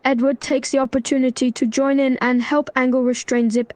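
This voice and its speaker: A synthetic woman's voice narrates story actions in an even, unhurried way. It sits slightly high and sounds dry and close, with no room behind it. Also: dry recording.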